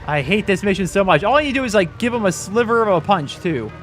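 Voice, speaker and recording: A man talks his way through a game in a loose, rambling commentary, his slightly high voice swinging up and down as he exclaims at near misses. He sits at a desk mic, with faint game music underneath. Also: lively intonation, a little fast. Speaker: gaming channel host. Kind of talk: casual let's-play commentary.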